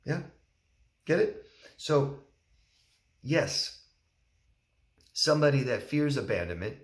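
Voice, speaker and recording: Man, low voice, coaching talk, candid and plain-spoken, roomy echo. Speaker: relationship coach. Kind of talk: solo Q&A talk to camera.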